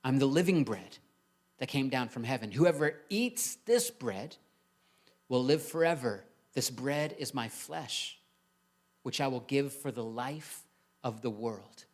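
A man's voice: medium pitch, lively intonation, measured pace. A man, a pastor, preaching a sermon in a church, talking conversationally and asking the congregation rhetorical questions.

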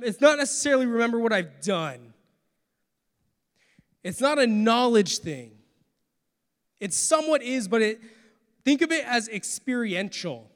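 Man preaching from the pulpit, earnest, dropping quiet then pushing loud; sits high in pitch, big reverberant church hall. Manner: earnest, swings from soft to forceful. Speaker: pastor. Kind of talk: sermon.

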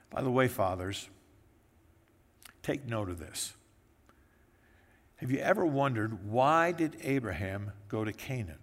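A male pastor preaching a sermon, telling the story in a lively way and briefly acting out the voices of the people in it. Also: mid-range voice, a little slow, pauses often. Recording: echoey hall with long reverb.

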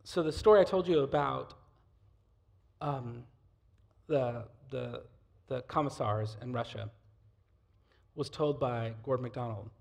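A male pastor preaching a sermon with passion, swinging between loud emphasis and near-whispers. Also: mid-range voice, slow, gravelly, pauses often.

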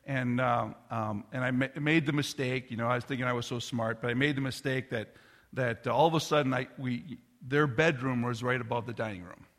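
Middle-aged man, pastor preaching a sermon, loose storytelling with restarts, forceful tone, hall reverb. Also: mid-range voice, fairly even intonation, brisk. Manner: drops to soft near-whisper. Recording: long reverb of a large hall.

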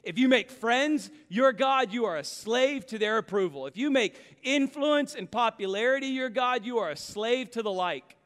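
A man in his thirties preaching a sermon, telling stories with passion and building to loud climaxes. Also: very high-pitched, lively intonation, moderate pace, hardly any pauses, in a large hall. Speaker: pastor.

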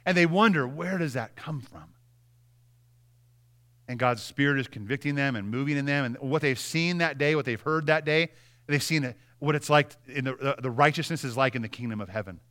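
A young man preaching a sermon in a conversational way, dropping into soft, quiet voices when acting out apologies. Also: medium pitch, quick pace. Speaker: pastor.

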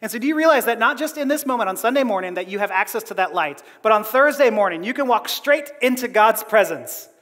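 A man preaching a conversational sermon as a pastor, animated and often laughing between phrases. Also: sits high, fast, hardly any pauses, in a large hall.

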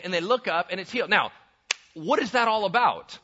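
Animated preacher man, lively delivery. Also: sits high, moderate pace. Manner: lively, conversational, rhetorical questions. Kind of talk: animated sermon with acted-out voices. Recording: dull lo-fi sound.

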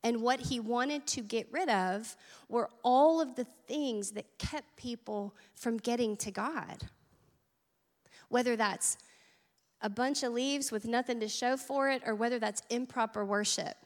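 A woman's voice: fairly high pitch, a little slow, in a large hall. A woman preaching a sermon at church, earnest and conversational, with asides to the congregation. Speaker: teaching pastor.

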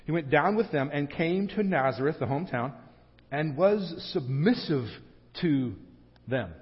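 Male pastor, fairly high voice, chatty sermon delivery with joking asides; dull lo-fi church recording. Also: expressive. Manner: conversational, with joking asides and quick restarts. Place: church sanctuary. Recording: dull lo-fi sound with a long hall reverb.

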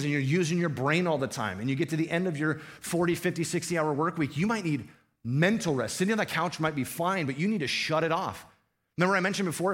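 A man preaching from the pulpit, his voice sitting a little higher than most men's. He talks to the congregation casually, throwing rhetorical questions out to them as he goes. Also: fairly bright tone. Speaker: pastor. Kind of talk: sermon.

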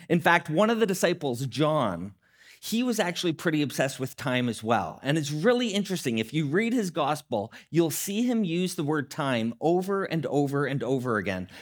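A man in his thirties preaching a sermon as pastor, in a conversational way, acting out little quotes along the way. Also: fairly high pitch.

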